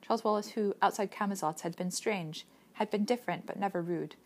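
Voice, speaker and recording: A woman's voice: medium pitch, brisk, darkish tone. Woman narrating a novel aloud. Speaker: audiobook narrator. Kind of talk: scripted narration.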